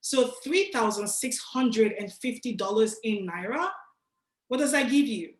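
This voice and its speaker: A young woman from Nigeria giving a casual, animated motivational talk to an audience, speaking directly and with slang. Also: fairly high pitch, unhurried, roomy sound. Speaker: guest speaker.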